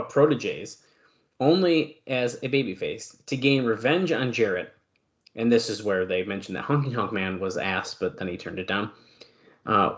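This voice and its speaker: A man's voice: medium pitch, highs cut off. A man co-hosting a podcast, reading news aloud with fillers and side comments. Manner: reads long news passages with filler and asides. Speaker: podcast co-host.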